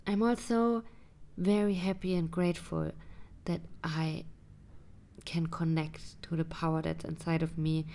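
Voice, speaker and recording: Low, gravelly woman recounting a retreat. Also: little pitch movement, a little slow, darkish tone. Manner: hesitant, searching for words. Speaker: vlogger. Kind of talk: personal reflective vlog.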